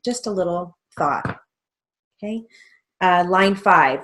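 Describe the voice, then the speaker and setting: A woman with a lowish voice teaching a stenography theory lesson. She talks very slowly, dictating practice sentences one by one and spelling out each letter with deliberate patience. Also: a bit bright.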